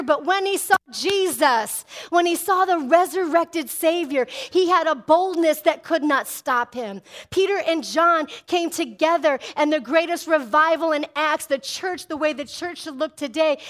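A middle-aged woman preaches from the pulpit in a high, ringing voice. Her delivery is fervent and driving, punctuated by calls for an amen from the congregation. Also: moderate pace, few pauses, fairly bright tone. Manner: fervent preaching with call-and-response amens. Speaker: pastor. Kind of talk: sermon.

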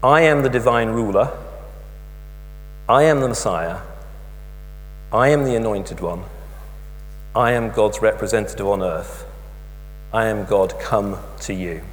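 A preacher voicing a solemn, grave teacher. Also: male voice, lowish voice, voice pushed down, close to an everyday voice. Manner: slow and weighty. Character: solemn male teacher making a grave proclamation. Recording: long hall reverb with mains hum.

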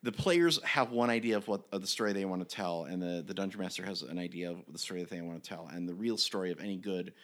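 A man and game master telling a story in an interview, animated and rambling with frequent restarts. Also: low voice, fast, hardly any pauses.

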